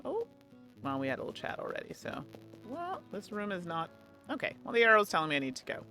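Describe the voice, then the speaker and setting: A woman's voice: mid-range voice, huge pitch swings, fast talker, music in the background. Giggly, chatty woman streamer. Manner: chatty, giggly, talks to chat. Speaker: streamer host. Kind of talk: live gameplay commentary.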